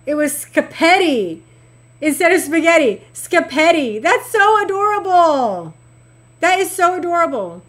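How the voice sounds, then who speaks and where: A middle-aged woman streaming a game, chatting casually and affectionately with her viewers. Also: high-pitched. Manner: chatty, animated, talks to chat affectionately. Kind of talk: casual chat while gaming.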